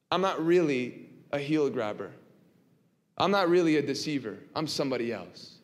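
A man preaching a sermon in a church, swinging from hushed to impassioned and asking the congregation rhetorical questions. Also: on the high side. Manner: dramatic, swinging from quiet to impassioned. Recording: long reverb of a large hall.

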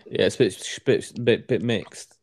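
A man's voice: on the low side, a little slow, a little mellow. A man in casual chat, rambling with lots of swearing and stumbling restarts.

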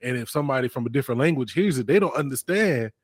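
Guest, male, easygoing and slangy, a bit halting; dry close sound. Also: medium pitch, animated, breathy edge, no echo. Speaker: podcast guest, friend of host. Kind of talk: casual chat over video call. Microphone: camera with monitor.

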